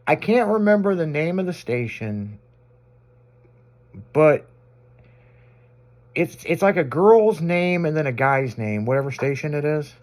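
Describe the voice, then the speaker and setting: A man's voice: fairly high pitch, very animated, measured pace, pauses often, darkish tone. Guy hosting a radio show, swears a lot, cracks up at his own stories. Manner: crude, laughing storyteller. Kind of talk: casual radio banter.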